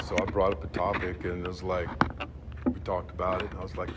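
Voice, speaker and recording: Man, fifties, lowish voice, halting and blunt testimony, noisy recording. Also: little pitch movement. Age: 50s. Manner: halting, restarts, blunt and profane. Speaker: speaker sharing his recovery story. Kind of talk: personal testimony at a meeting.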